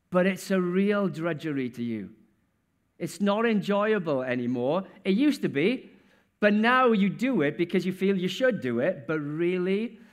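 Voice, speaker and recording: A male preacher gives a sermon in a church in an easy, conversational manner. He keeps asking his listeners questions, and his voice sits somewhat higher than most men's.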